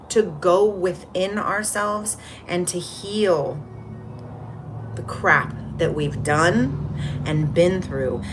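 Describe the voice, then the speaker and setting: A woman's voice: low voice, fairly bright tone, slight background noise. A woman hosting a casual spiritual livestream, chatty and rambling as she greets viewers from the chat. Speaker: livestream host.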